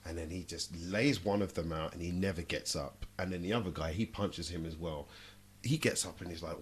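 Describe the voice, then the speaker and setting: Deep-voiced man telling stories. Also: a little fast, slightly rough. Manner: animated storyteller, swears freely. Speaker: podcast host. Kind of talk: casual chat.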